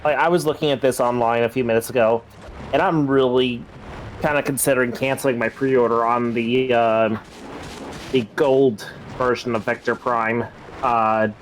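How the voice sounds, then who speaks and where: A man's voice: mid-range voice, a little hiss or hum. Male co-host, mid-range voice, meandering filler-heavy chatter. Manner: rambling, lots of fillers. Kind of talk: casual game stream chat.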